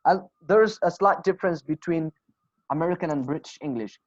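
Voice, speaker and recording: A man's voice: on the high side, a little fast. A man with a Kurdish accent teaching English pronunciation in an online class, patiently repeating example phrases. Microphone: video call. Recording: dull, dry video call audio.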